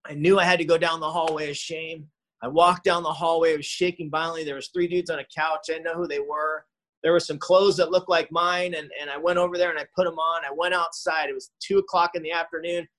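Guy telling his recovery story, kinda high voice, talks like he's just chatting, says man a lot. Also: level tone, a little fast, a bit bright, low-quality recording. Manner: earnest, conversational, with frequent "man" and "you know". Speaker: speaker sharing a recovery story. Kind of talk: recovery talk testimony.

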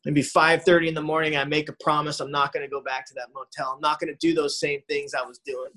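A man's voice: a little high, little pitch movement, quick pace, pushed and bright, low-quality recording. A man sharing his own recovery story in a conversational way, often adding "man" and "you know". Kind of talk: recovery talk testimony.

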